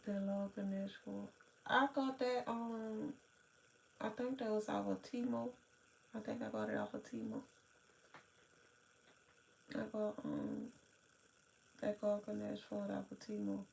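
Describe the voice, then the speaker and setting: A woman's voice: mid-range voice, lively intonation, gravelly, a little mellow, slight background noise. Sleepy drawling woman livestreaming late at night. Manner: slow, drawling, rambling talk with sighs and yawns. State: tired and sleepy. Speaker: livestream host.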